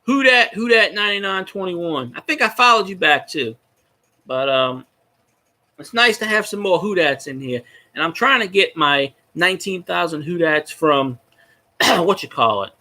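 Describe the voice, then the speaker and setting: A man's voice: fairly high pitch, expressive, normal speed, sharp tone. A man, a fan vlogger rambling and swearing as he chats with viewers on a casual livestream. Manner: rambling, profane, talks to viewers in chat.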